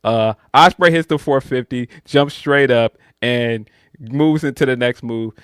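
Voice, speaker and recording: A man's voice: mid-range voice, measured pace, smooth, dry recording, studio quality. A man co-hosting a podcast, chatting casually through a wrestling review and jumping into joking voices. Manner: animated, slips into loud slangy put-on voices for jokes. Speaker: podcast co-host.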